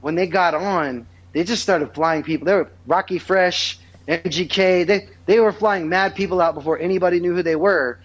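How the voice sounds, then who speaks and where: A man's voice: sits high, normal speed, hardly any pauses. A man guest in casual conversation, telling long rambling stories full of fillers and restarted sentences, with a dull lo-fi sound. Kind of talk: casual storytelling chat.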